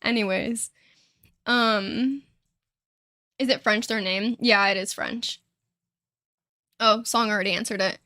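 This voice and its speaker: A woman's voice: medium pitch, steady tone, normal speed, pauses often, sharp tone, no room sound, clean studio sound. A young woman streaming a life-sim game, chatting casually and rambling with frequent laughs and casual swearing. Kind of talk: casual livestream chat while playing a life-sim game.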